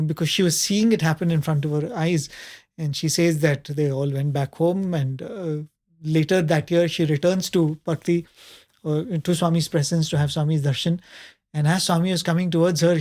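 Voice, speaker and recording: A man, a panelist telling a spiritual story in a conversational way, often pausing with fillers and soft laughs. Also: a little high.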